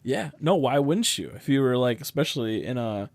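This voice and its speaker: A man's voice: medium pitch, lively intonation, normal speed, dry recording. A young man co-hosting a comedic history podcast, playful and teasing, tossing in jokey asides. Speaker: podcast co-host. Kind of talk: casual comedic history chat.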